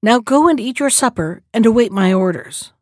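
A woman's voice: on the high side, animated, normal speed, no room sound, studio quality. A woman voicing an angry, stern male beast lord in a storybook reading, speaking in a grim, stern manner.

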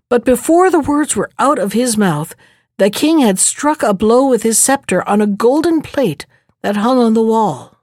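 A woman reading a fairy tale aloud in a measured, expressive storybook narration. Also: medium pitch, no echo, clean studio sound.

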